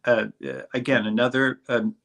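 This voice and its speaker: A man from French Canada, a show guest telling a story in casual conversation, halting with many fillers and restarts over a video call. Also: mid-range voice, sing-song, fairly bright tone.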